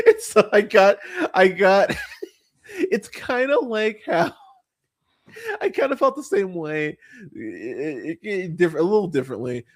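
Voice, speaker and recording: A young man with a high-sitting, very animated voice hosts a casual movie review podcast at a measured pace, leaving long pauses. Talking about bad movies, he rambles profanely with many fillers, laughs frequently, and swoops into mocking voices.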